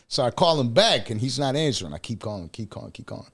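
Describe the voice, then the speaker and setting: A man's voice: medium pitch, animated, very fast, fairly bright tone, slightly rough. A man hosting a casual podcast interview, telling stories animatedly and swearing freely. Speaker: podcast host.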